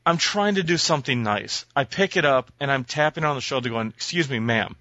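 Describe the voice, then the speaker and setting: A man's voice: a little high, expressive, fast talker, sharp tone, muffled recording. A man co-hosting a casual podcast, telling an exasperated, profane story and acting out the voices in it. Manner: profane, exasperated, acts out voices in his stories. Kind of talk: casual chat, ranting storytelling.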